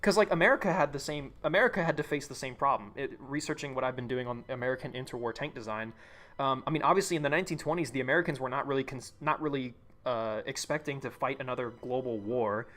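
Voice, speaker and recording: A man's voice: medium pitch, quick pace, fairly bright tone. A young man streaming live, thinking aloud, reading chat and restarting sentences as he goes.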